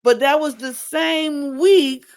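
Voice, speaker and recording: Animated woman recapping reality TV. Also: sits high, slow pace. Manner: animated, incredulous rhetorical questions. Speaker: podcast co-host. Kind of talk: casual reality-TV recap chat.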